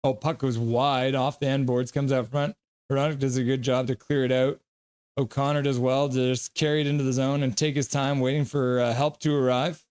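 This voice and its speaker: A young man on a live stream, calling hockey play and reading chat aloud with excitable, goofy delivery. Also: medium pitch, moderate pace, clear, resonant tone.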